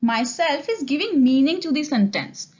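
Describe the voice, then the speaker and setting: A woman's voice: high-pitched, animated, normal speed, darkish tone, highs cut off. A woman with an Indian English accent giving a classroom lecture on English grammar, explaining patiently and switching between Hindi and English mid-sentence. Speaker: English olympiad teacher.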